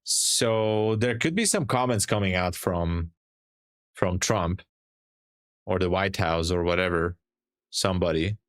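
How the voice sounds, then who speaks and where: A man's voice: low-pitched, a little slow, long pauses, no room sound, studio quality. A man hosting a day trading livestream, sleepy and rambling in a loose, chatty way. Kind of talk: casual live stream chat.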